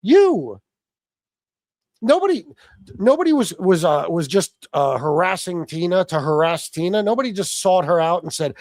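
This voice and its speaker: A man's voice: high-pitched, sing-song, moderate pace, a little mellow, no echo, clean studio sound. A man hosting a livestream, angrily ranting in a combative, profane way and repeating himself. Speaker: livestream host. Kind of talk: angry ranting livestream monologue.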